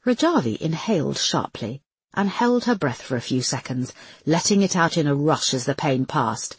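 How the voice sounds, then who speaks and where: A woman's voice: low voice, lively intonation, moderate pace, husky, dry recording. A woman reading an audiobook as its narrator in dramatic, scripted storytelling.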